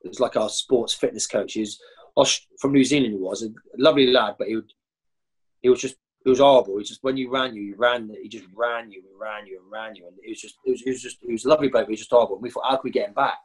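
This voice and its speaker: A man, a former professional footballer, telling rowdy stories as a guest and jumping high in pitch when he acts out other people. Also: fast talker, slightly rough. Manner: animated, jumps high when acting out others. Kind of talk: anecdotal storytelling.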